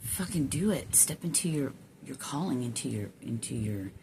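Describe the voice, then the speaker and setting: A woman with a very deep, creaky voice and lively intonation records a casual spiritual vlog on her phone, with noise in the background. Speaking alone to the camera, she rambles and swears, laughs to herself, and keeps stopping to restart.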